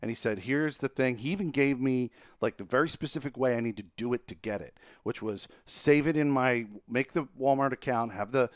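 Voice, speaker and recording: A young man on a casual gaming podcast, spinning a profane, animated story. His voice climbs sharply when he gets exasperated. The sound is dry and close, with no room echo. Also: mid-range voice, fairly quick, few pauses. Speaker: podcast host. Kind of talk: casual chat.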